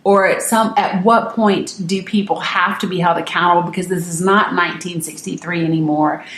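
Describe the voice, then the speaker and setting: A middle-aged woman with a lowish voice tells her viewers a personal story, earnest and emphatic, often stopping to restart a sentence. The room around her gives her voice a roomy echo. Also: steady tone, moderate pace, a bit bright. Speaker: host.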